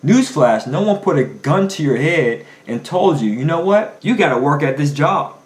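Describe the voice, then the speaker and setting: A man's voice: fairly high pitch, animated, normal speed, reverberant. A man giving a motivational finance talk as a coach, emphatic and preachy, firing off rhetorical questions. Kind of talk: motivational monologue.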